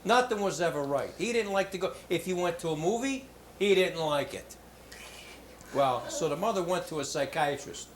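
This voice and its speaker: A man giving a motivational talk to schoolchildren, telling jokes in an animated, hammy storytelling manner in a school hall. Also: fairly high pitch, normal speed. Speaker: motivational speaker. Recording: roomy hall with faint background noise.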